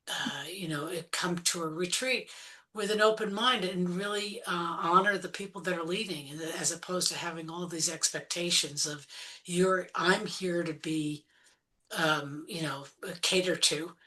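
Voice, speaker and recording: A woman guest speaking in casual chat, measured and hesitant with fillers. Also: fairly low pitch, fairly even intonation, fairly bright tone.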